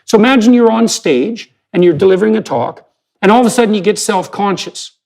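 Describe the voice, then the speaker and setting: A man's voice: sits high, expressive, fairly quick, vocal fry, darkish tone. A man hosting a long-form podcast conversation, talking emphatically and building his argument step by step with rhetorical questions. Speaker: podcast host.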